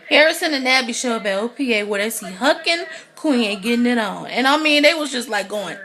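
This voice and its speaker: Excitable chatty woman recapping a TV episode. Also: medium pitch, fairly quick. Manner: excitable and chatty, full of "you know" fillers. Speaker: TV recap vlogger.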